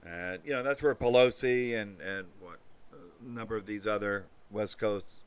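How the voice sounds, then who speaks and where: A man's voice: fairly low pitch, normal speed, clear, resonant tone. A man hosting a casual monologue, rambling and swearing, with many fillers. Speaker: host.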